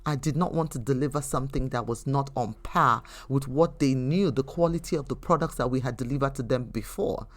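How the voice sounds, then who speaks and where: A woman's voice: a bass voice, fairly quick, few pauses. A woman hosting a faith teaching podcast who talks earnestly and conversationally, telling personal stories with frequent restarts. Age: adult. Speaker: podcast host.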